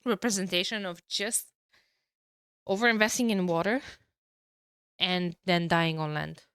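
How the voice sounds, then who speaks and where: A woman with a lowish, smooth but hoarse voice calls a strategy game match. She sounds sick and keeps her energy down, pausing on fillers. The sound is dry and close to the mic. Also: steady tone, fairly bright tone, no echo. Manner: low-energy, with throat-clearing and fillers. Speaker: tournament caster. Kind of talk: game commentary.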